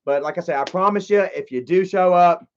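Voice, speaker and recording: A man with a high, smooth voice talks fairly quickly to his livestream chat, sounding agitated and confrontational. He rambles with many fillers and restarts, and the audio is dull and lo-fi.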